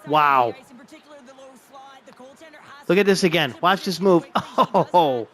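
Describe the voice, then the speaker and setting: A man giving excited play-by-play of a hockey video game he is playing, openly rooting for his team. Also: fairly high pitch, slow.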